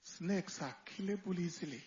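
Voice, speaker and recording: A man preaching a sermon as pastor, swinging from quiet talk to loud calls for the congregation to answer. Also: high-pitched, normal speed, slightly rough, muffled recording.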